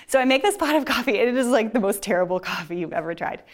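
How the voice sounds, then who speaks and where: A woman's voice: on the high side, lively intonation, fast talker. Woman telling a casual personal story. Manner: casual, many fillers, laughs while telling.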